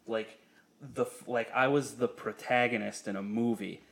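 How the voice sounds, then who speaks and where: A man's voice: medium pitch, fairly even intonation, normal speed, gravelly, fairly bright tone. A young man co-hosting a podcast, telling a story in casual, profane chat and laughing often. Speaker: podcast co-host.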